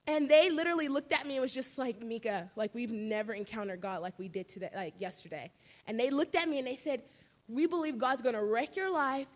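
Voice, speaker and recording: A woman's voice: a little high, brisk. A young woman giving an emotional personal faith testimony, telling her story animatedly with many fillers. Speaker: testimony speaker.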